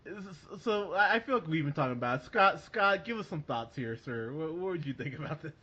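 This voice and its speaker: Excitable man with a bright voice. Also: a little high, fairly quick. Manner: laughs often, animated and excitable. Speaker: podcast host. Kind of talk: casual movie review chat. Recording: dull lo-fi podcast audio.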